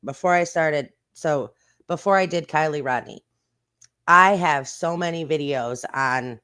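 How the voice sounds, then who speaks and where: A woman hosting her own stream, chatting casually in a blunt, rambling way with plenty of swearing and quick bursts of speech. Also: deep voice, pushed and bright, smooth. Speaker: streamer and channel host. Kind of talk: casual live-stream chat.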